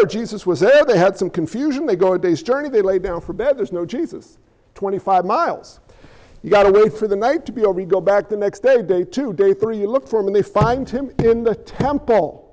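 A man preaching a sermon as pastor in an animated, conversational way with jokey asides. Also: sits high, moderate pace, big-room sound, highs cut off.

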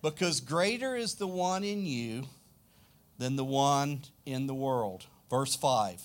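Slow-preaching South Louisiana man. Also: medium pitch, lively intonation. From South Louisiana, United States. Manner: slow, emphatic preaching with questions to the congregation. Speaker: pastor. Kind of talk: sermon.

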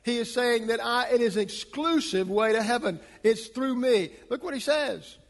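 A man preaching a sermon as a pastor, speaking emphatically and building to forceful points. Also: lively intonation, normal speed, creaky, in a large hall. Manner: emphatic, rising to a preaching pitch.

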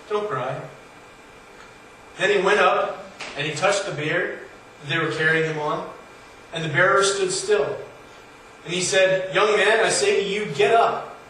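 A man's voice: a little high, a bit bright. A man preaching a sermon in an earnest, conversational way, his voice rising on emphatic points. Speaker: pastor. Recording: echoey hall from far off, faint noise.

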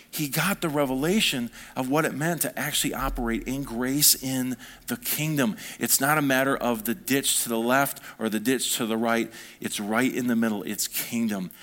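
Man preaching a lively sermon. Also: mid-range voice. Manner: animated preaching, swinging between soft and fired-up. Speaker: pastor.

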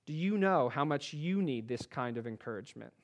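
A man preaching a sermon, reading scripture with emphasis and dropping to a quieter, earnest tone to urge his listeners. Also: mid-range voice, lively intonation, a little fast. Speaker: pastor.

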